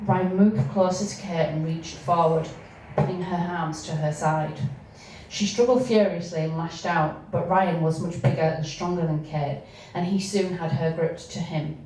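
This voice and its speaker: A woman reading from her own novel, with hesitant spoken asides between steady passages. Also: fairly low pitch, a little slow. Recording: echoey room, distant mic, faint noise.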